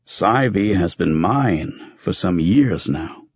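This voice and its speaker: A man's voice: fairly low pitch, sing-song, slightly rough, no room sound, heavily acted. A man playing an ancient, intoning librarian master. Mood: solemn. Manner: slow, grave, intoning. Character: very old male master librarian, towering and solemn. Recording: dry, slightly muffled recording.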